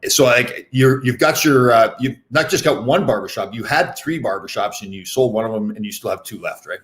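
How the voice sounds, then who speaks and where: A man's voice: medium pitch, fairly quick, fairly bright tone. A man in his fifties hosting a casual interview, rambling with lots of fillers and restarts. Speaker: podcast host.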